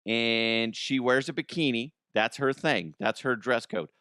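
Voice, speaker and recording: A man's voice: medium pitch, measured pace, bright, forceful tone, smooth, no echo, clean studio sound. A man hosting a comedic news podcast in a casual, joking way, laughing often; he sounds like he is in his thirties and records at home. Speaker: podcast host.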